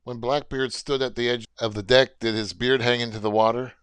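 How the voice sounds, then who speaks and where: Brief: man with a smooth, resonant voice, curious questions, dry close mic. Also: medium pitch, steady tone, fairly quick, fairly bright tone, dry recording. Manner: curious, asks short playful questions. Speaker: user prompting the AI.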